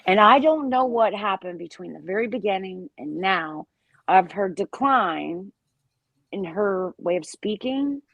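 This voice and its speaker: A blunt woman in her forties jokes and muses in a casual chat. Her voice is husky, and the sound is dry and close. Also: mid-range voice, lively intonation, measured pace, fairly bright tone, no echo, lo-fi sound. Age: 40s. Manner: joking, crude, blunt. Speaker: panelist.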